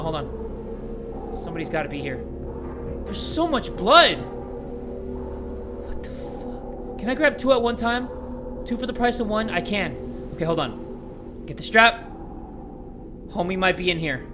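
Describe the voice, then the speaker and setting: A man with a high, lively voice narrates his horror-game playthrough, cracking crude jokes and breaking into yelps and curses at every scare. Game music plays clearly behind him. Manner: jumpy, swears and yelps at scares, joking to viewers. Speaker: gaming YouTuber. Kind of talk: horror game let's play commentary.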